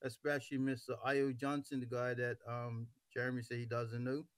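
A man hosting a radio talk show, relaxed and teasing as he wraps up the show. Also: medium pitch, a little fast, dry recording. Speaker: host.

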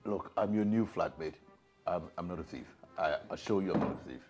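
A man, acting an awkward, hungry new flatmate who stammers and pleads. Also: sits low, brisk, husky, soft background music. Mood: pleading. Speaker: new flatmate in a comedy skit. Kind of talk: comedy skit acting.

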